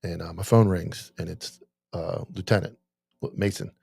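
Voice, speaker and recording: A man's voice: deep voice, fairly even intonation, unhurried, creaky, mellow, husky, no room sound, studio quality. A man hosting a casual interview, a police officer himself, who tells stories animatedly, swears freely and acts out both sides of a phone call. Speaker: podcast host, police officer.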